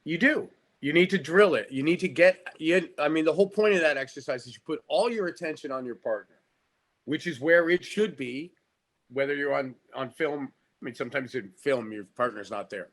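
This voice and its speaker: A man's voice: a little high, a little fast, a bit bright. A middle-aged man from Canada, a guest actor in a casual podcast interview, talking frankly with many stammering restarts.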